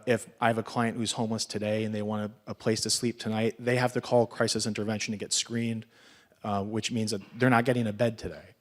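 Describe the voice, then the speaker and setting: A man, an assistant public defender asking a panel a question, speaking nervously with halting restarts, heard from a distant mic. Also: mid-range voice.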